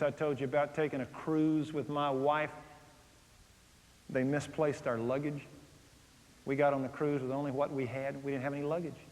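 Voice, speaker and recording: Man, pastor, preaching, loud-to-hushed storytelling, fairly high voice, echoing hall. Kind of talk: sermon. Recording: long hall reverb.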